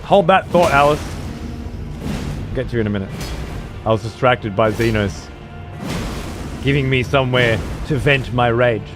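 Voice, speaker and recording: A man's voice: medium pitch, moderate pace, pauses often, over music. A man streaming a video game, commenting on play and ranting at his chat with heavy profanity. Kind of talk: live gameplay commentary.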